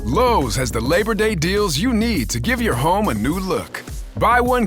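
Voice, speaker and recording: A man reading a radio ad, lively in pitch with quick disclaimers. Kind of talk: read radio ad. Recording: music bed behind.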